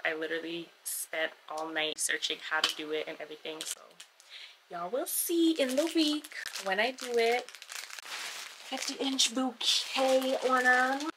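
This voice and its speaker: A young woman vlogging casually, chatty and expressive with lots of slang. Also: fairly low pitch, background noise. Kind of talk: casual vlog chat.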